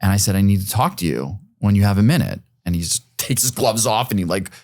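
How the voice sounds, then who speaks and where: A man in his forties talks as a podcast guest in a deep, low register. He rambles through his story with lots of fillers and the odd curse. The sound is close and dry, with no room echo. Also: expressive, fast talker, a little mellow. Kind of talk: casual storytelling.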